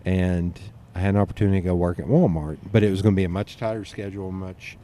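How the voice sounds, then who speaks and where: A man hosting a podcast, telling stories in a relaxed conversational way. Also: sits low. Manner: storytelling, quick and animated with restarts. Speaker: podcast host. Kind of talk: casual conversational interview.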